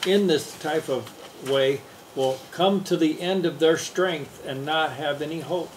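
A man speaks up from the house church congregation. His voice sits slightly high, and he keeps to short, quiet words of agreement. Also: measured pace, a little hiss or hum, rough recording. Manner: brief soft affirmations. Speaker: congregation member.

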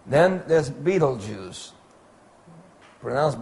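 A man giving an illustrated Bible lecture, pointing out details on slides in a slow, deliberate way. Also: mid-range voice, vocal fry, slight background noise. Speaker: Bible teacher.

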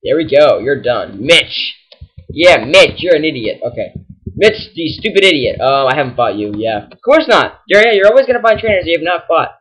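Young male gamer narrating his playthrough, animated and fed up, shouting at foes. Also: on the high side, moderate pace, husky. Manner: excitable, exasperated, yells at enemies. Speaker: gaming channel host. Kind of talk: casual let's-play commentary.

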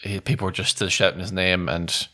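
Male podcast co-host, slightly low voice, rambling casual storyteller who laughs a lot. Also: little pitch movement, brisk, bright, forceful tone. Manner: rambling storyteller, laughing often, restarts mid-sentence. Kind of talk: casual anecdote telling.

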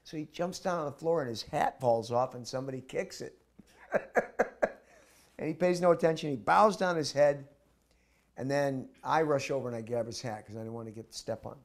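Gravelly man telling a lively story. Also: mid-range voice. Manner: acts out the voices in his stories; vivid, with restarts. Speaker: interviewee recounting memories. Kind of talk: animated storytelling.

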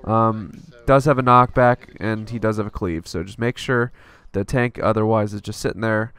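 Gravelly, rambling male game-guide narrator. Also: lowish voice, steady tone, normal speed, a bit bright, dry recording. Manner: loose and rambling, with frequent fillers and offhand swearing. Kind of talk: casual gameplay strategy voice-over.

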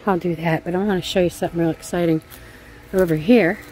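A middle-aged woman films a casual gardening vlog in her backyard on a handheld phone camera, venting angrily in blunt, profane language. Her voice is lowish, a little mellow, and fast with fairly even intonation, with a bit of hiss or hum in the audio.

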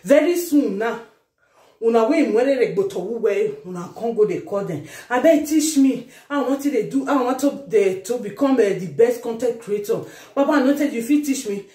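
Animated Nigerian woman vlogging. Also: moderate pace. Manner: animated, teasing, swings between loud exclamations and low asides. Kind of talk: casual commentary to followers. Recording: echoey room.

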